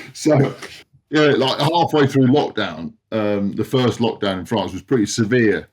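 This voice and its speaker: A man's voice: mid-range voice, lively intonation, slow, long pauses. A man in his forties, a guest on a chat podcast, telling long self-deprecating stories and laughing often. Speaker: podcast guest, former rugby player. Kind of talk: casual anecdotal chat.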